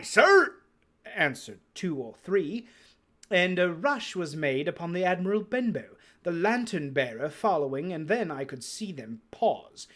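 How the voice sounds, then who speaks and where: A man reads a classic adventure novel aloud in a theatrical way. His voice sits slightly high and swings widely as he takes his time over every line. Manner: theatrical, unhurried storytelling. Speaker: reader.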